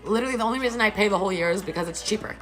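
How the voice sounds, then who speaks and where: Chatty, bright-voiced young woman. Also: mid-range voice, very fast, soft background music, rough recording. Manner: chatty and animated, swears often, reads out chat questions. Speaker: vlogger chatting with livestream viewers. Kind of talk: casual chat. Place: hotel room.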